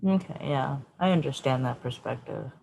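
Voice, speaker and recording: A woman co-hosting a podcast, chatting casually in a thoughtful, measured way. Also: extremely low pitch, gravelly, a little mellow, slight background noise, poor audio. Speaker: podcast co-host. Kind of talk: casual chat.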